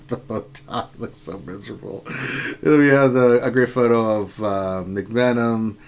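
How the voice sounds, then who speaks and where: A man with a low voice hosts a relaxed gaming livestream. He jokes, laughs a lot and chats loosely as he reads out viewer comments. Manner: laughs often, joking and excitable. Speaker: livestream host reading chat. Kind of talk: casual gaming chat.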